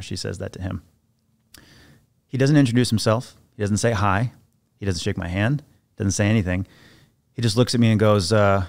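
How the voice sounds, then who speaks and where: A man, a former soldier, telling stories as a podcast guest in a casual, animated way with many restarts. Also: on the low side, moderate pace. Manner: animated storyteller, acts out quoted voices, many restarts. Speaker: podcast guest, former Navy SEAL sniper. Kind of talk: casual storytelling interview.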